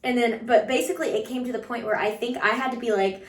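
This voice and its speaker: A woman's voice: a little high, quick pace. A young woman hosting a casual chat, speaking in an earnest, heartfelt way. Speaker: podcast host. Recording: roomy, distant mic.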